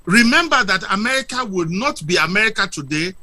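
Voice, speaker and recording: Very bright, high, animated male speaker. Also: a little fast. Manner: emphatic, lecturing, rhetorical questions. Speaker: guest speaker. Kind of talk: impassioned argument on a talk show.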